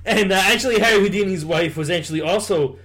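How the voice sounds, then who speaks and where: A man's voice: high voice, fast talker, fairly bright tone. A young man co-hosting a casual comedy podcast, teasing the guest and making silly sound effects. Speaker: podcast co-host. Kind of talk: casual joking chat.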